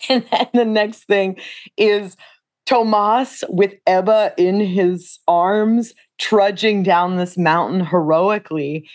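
A young woman co-hosting a casual film discussion podcast, retelling scenes in a chatty, animated way. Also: medium pitch, slow pace. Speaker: podcast co-host.

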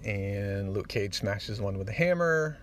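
A man with a lowish voice tells a comic story on his podcast. He is lively and acts out bits of the dialogue. He is easily moved, and a soft hiss of noise sits under him. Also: measured pace. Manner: easily moved, gets choked up. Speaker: podcast host. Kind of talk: casual comic-book recap.

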